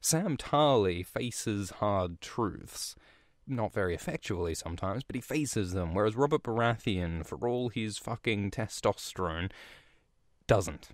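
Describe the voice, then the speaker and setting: A low-voiced man riffing through a book chapter for his podcast, irreverent and full of swearing and filler words. The sound is dry and close, with no room around it. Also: animated, measured pace, no room sound. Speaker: podcast host. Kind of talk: comedic retelling of a book chapter.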